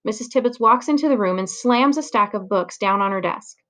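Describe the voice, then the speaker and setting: A woman reading a children's chapter book aloud in a clear, steady storytelling voice. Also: mid-range voice, fairly quick, hardly any pauses. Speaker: reader.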